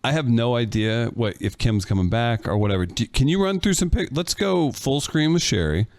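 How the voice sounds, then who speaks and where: A man producing a podcast, making brief, low-key interjections in casual chat. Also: expressive, moderate pace, darkish tone.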